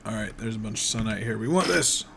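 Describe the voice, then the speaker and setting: A man giving relaxed, rambling gameplay commentary, chatting with asides as he plays. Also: fairly low pitch, quick pace, gravelly, very noisy. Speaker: gaming channel host. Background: game music.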